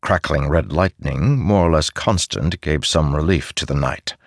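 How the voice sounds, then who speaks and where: A man reading an audiobook as a narrator, in a measured, steady manner. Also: extremely low pitch, no room sound, studio quality. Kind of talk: scripted narration.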